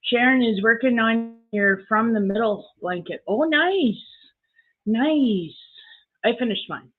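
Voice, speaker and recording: A woman's voice: on the high side, normal speed. Canadian woman, live stream host, chatty, greets viewers by name, thin phone-like sound. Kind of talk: casual live chat. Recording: tinny phone-like audio.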